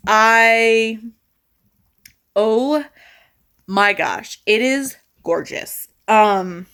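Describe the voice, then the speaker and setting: A fairly high-voiced woman chats to her camera in a casual reading vlog. She rambles and gets excitable, restarting her sentences as she goes. A light Southern lilt creeps in now and then. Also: extremely slow. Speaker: reading vlogger.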